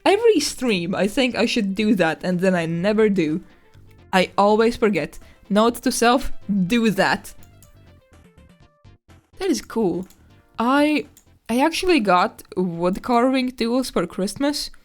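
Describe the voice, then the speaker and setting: A woman streaming live, chatting casually and excitedly while exploring a map, squealing at animals and swearing now and then. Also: mid-range voice, slow, pauses often, faint music behind.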